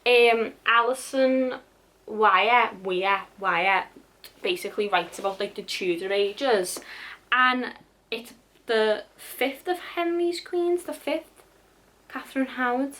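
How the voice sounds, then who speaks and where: A woman's voice: fairly high pitch, takes it slowly, a bit bright. A young woman chatting casually about her unread books, with dramatic asides and casual swearing. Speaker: book vlogger. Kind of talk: casual chat.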